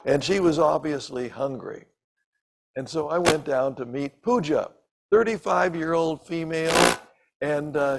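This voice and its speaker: An older man tells stories from the pulpit in a loose, conversational sermon. His gravelly voice wanders through ums and little asides. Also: on the high side, heavy background noise. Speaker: preacher and missionary. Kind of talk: storytelling sermon.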